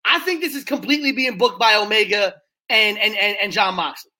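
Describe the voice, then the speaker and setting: Man, bright tone, halting, repeats himself, casual news talk. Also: high voice. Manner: halting, repeats words, many fillers. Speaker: podcast co-host.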